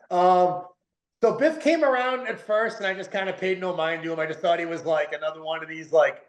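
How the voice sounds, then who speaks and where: High-pitched and moderately paced, a man from New England talks as a podcast guest in a casual interview. He rambles, with "like" and "dude" everywhere. The room has an echo.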